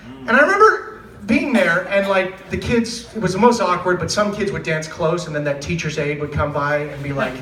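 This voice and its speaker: Animated, high-voiced stand-up comic. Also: male voice, a little fast. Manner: animated, sarcastic, with frequent laughs and swearing. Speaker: stand-up comedian. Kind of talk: stand-up comedy set. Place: comedy club stage. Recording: roomy club sound from a distant mic, with noise.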